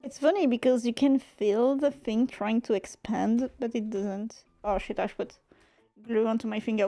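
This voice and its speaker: A woman's voice: a little high, fairly even intonation, normal speed, dark tone, no room sound, soft background music. A young French woman streaming from home, chatting casually while she crafts, swearing freely and laughing often. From France.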